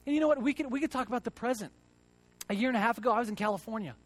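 A man in his thirties preaching a sermon to a congregation in a church, earnest, swinging between loud emphasis and hushed reflection and often repeating words. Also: very high-pitched, very fast. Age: 30s. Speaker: church teacher.

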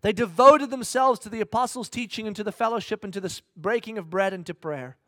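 A man's voice: high voice, fast, a bit bright, no room sound, clean studio sound. A man preaching a sermon to a congregation, acting out little dialogues and asking questions of his listeners. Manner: dynamic preaching, acts out dialogue in mock voices, asks the congregation questions. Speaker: pastor.

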